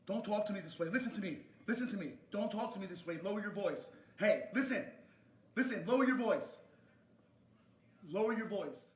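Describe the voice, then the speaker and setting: A customer phones a store to complain, his fairly high voice animated and a little fast as he rants. Swearing and aggressive, he keeps repeating his demands throughout the heated call, which is captured in a roomy, echoey space.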